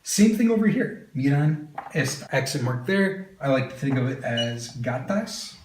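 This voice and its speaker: A man's voice: medium pitch, sing-song, moderate pace, a little hiss or hum. A man teaching a video lesson, with an upbeat manner and joking asides to the viewer. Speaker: Spanish teacher. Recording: roomy echo.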